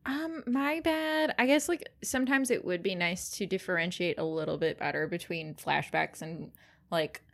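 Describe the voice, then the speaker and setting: A woman co-hosts a podcast in easygoing chat, her voice sitting a little low for a woman. She laughs often as she talks and fills her sentences with lots of little fillers. She sounds relaxed and conversational. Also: normal speed, vocal fry. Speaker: podcast co-host.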